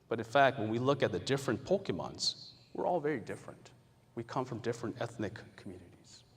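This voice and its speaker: A man giving a lively educational talk to an audience, with playful asides and acted-out quotes. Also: medium pitch. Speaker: presenter. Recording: hall reverb.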